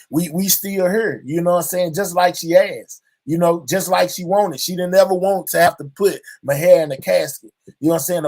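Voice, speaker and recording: Male vlogger, higher-pitched voice, earnest, heartfelt, rambling with constant filler phrases. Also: vocal fry, a little mellow. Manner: drawling, fills nearly every line with "you know what I'm saying"; earnest and reflective, speaking openly to his audience. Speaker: channel host. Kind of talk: heartfelt personal monologue to viewers.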